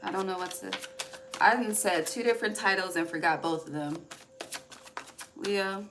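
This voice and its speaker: A woman's voice: mid-range voice, normal speed, a bit bright, slight background noise. A woman giving a casual, rambling tarot reading, laughing often and trailing off mid-sentence. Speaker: tarot reader.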